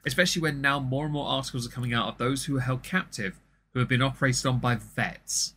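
A man's voice: mid-range voice, steady tone, fast talker, bright, forceful tone, slight background noise. A man, co-hosting a casual political chat in a blunt, profane, rambling way. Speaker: streamer and co-host.

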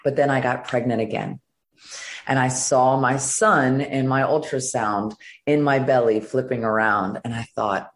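A middle-aged woman from Virginia, a guest telling her personal story in an interview, earnest and halting with many fillers. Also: very deep voice, fairly even intonation. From Virginia, United States.

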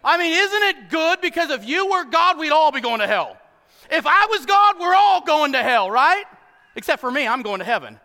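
A male pastor preaching a sermon, swinging from shouted emphasis to quiet low asides and joking with the congregation. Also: very animated, normal speed, in a large hall. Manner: emphatic preaching, bursts into shouts then drops low and soft. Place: church hall with congregation.

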